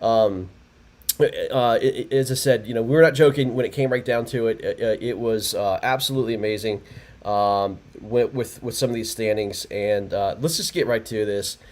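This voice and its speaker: A man's voice: on the low side, normal speed, darkish tone. A man hosting a live results stream, rambling with many fillers and restarts, laughing often. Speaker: tournament host.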